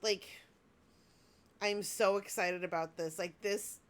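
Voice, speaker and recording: Woman in her thirties, vlogger, excitable, rambling, gushing casual chat. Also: mid-range voice, takes it slowly, clear, resonant tone.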